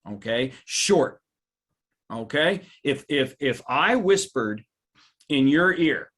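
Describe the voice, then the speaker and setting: A man presenting a live webinar, animated, reading out viewers' reactions by name and jumping up in pitch for emphasis. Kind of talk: lively live webinar talk.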